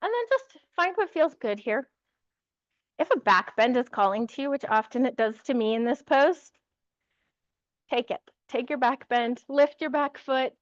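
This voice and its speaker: A woman teaching a yoga class, giving calm, encouraging cues and laughing lightly now and then. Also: high voice, normal speed, no room sound, lo-fi sound. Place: yoga studio with music.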